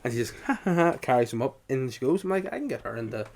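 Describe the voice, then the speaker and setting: A man's voice: medium pitch, big pitch swings, rapid-fire, vocal fry. Guy, thirties, podcast cohost, swears a lot, acts out the quotes when he tells a story. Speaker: podcast co-host. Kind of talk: casual chat.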